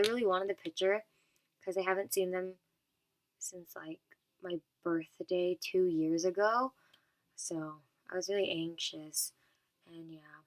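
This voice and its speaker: A woman's voice: fairly low pitch, fairly bright tone. A young woman vlogger from California telling a long story in a rambling, casual way, full of "and then" and fillers.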